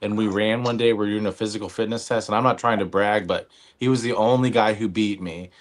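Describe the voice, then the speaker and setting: A man's voice: on the low side, steady tone, quick pace. A man in casual chat, rambling through anecdotes and slipping into put-on voices for quoted people.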